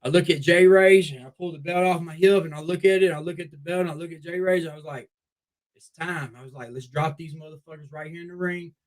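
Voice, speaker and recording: Young wrestler guy swearing thru an animated story, bit high voice. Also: fast talker, rough recording. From Memphis Mid-South area. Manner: profane, animated, repeats "I was like". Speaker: wrestler guest. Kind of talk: casual storytelling.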